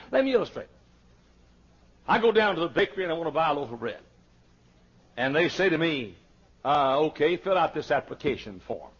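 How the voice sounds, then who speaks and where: A man preaching a folksy sermon as pastor, swinging from loud emphatic rises to quiet asides. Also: sits high, husky. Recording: dull lo-fi archival sermon tape.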